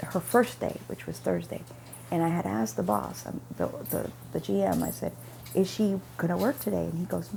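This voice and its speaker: A woman with a low, heavily gravelly voice and a dark, mellow tone tells a casual vlog story. She rambles, backtracks and corrects herself as she goes. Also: a little hiss or hum. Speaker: vlogger. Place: at home with her dog nearby.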